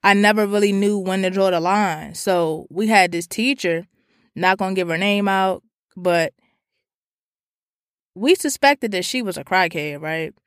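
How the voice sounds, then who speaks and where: Animated, profane young woman from D.C. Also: medium pitch, unhurried, dry recording, studio quality. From Washington, D.C. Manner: animated, profane, slangy, acts out quoted voices. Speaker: storyteller. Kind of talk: comic storytelling monologue.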